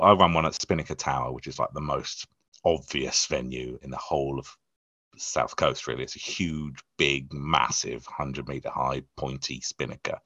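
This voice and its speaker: A man's voice: extremely low pitch, no echo, dull audio. A man, a comedy promoter, chatting casually in an interview and acting out the people in his stories. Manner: animated storyteller, acts out quoted voices.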